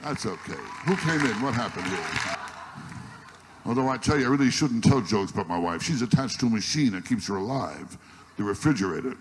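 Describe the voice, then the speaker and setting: On a live stage in front of an audience, a man with a lowish, lively voice fires off one-liners a bit quickly, sounding exasperated and complaining through his stand-up set. The archival live recording is noisy.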